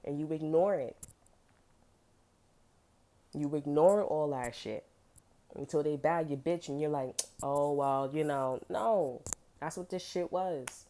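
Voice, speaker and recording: A woman's voice: sits low, slow pace, long pauses, dark tone. A woman giving a casual tarot reading, blunt and profane, full of emphatic slang. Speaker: tarot reader.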